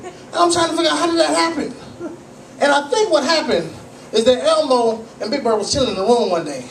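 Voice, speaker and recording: Male stand-up comic, high voice, profane and animated, echoey cafe, mic far off. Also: brisk, vocal fry. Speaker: stand-up comedian. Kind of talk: stand-up comedy. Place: small cafe comedy night. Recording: echoey room, distant mic, faint noise.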